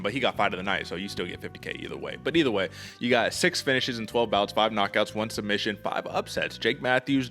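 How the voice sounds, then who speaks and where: A man's voice: mid-range voice, fairly bright tone. A man hosting a casual sports podcast, talking energetically and emphatically to his co-host.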